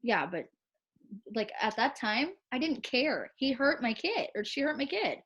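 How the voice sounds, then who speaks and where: A woman's voice: high-pitched, very animated, unhurried, fairly bright tone, slightly rough, dull audio. A woman talking about her child on a video call. She speaks bluntly, swears often and acts out what others said. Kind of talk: heated casual chat.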